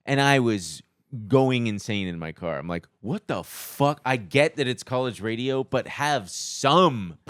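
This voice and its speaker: A man co-hosting a podcast, telling animated stories in casual chat and mimicking other people's voices. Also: medium pitch, a little slow, clear, resonant tone, no room sound, studio quality. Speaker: podcast co-host.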